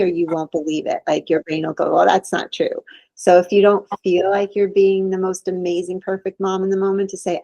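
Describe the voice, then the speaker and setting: A woman's voice: fairly low pitch, mellow, dry recording, low-quality recording. A middle-aged woman, a psychologist guest in a podcast conversation, explaining in an earnest, reassuring way and acting out the inner voices she quotes.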